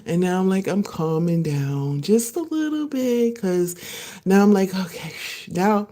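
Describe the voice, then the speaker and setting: Animated, laughing woman podcast host. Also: mid-range voice, unhurried. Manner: animated, laughing, acts out voices of others. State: excited and a little nervous. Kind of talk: casual solo livestream chat.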